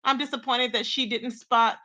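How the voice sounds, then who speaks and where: Sassy high-voiced woman streamer. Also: fairly even intonation, normal speed, sharp tone. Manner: sassy, talks straight to chat viewers. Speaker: livestream host. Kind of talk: casual live-stream commentary.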